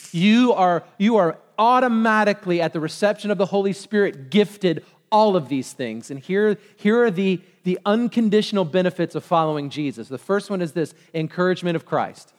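A man's voice: high-pitched, fairly quick, few pauses. Preaching man in an echoing hall. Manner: call-and-response preaching, quizzing the congregation. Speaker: pastor. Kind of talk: sermon. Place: church sanctuary. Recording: long reverb of a large hall.

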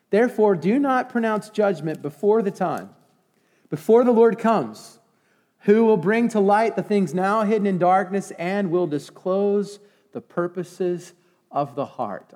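A middle-aged man preaching a sermon, reading scripture aloud and calling for congregation responses. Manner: animated, rises high and loud when exhorting. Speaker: pastor. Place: church sanctuary. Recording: long reverb of a church hall.

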